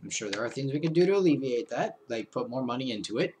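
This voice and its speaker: A man's voice: mid-range voice, animated, fast talker, background noise. A young man hosting a let's play, giving casual, playful commentary that trails off into mumbled asides.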